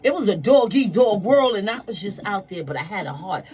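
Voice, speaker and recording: A woman telling stories casually to her viewers, profane and animated, acting out the voices of people she quotes. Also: medium pitch, fairly quick, soft background music, poor audio.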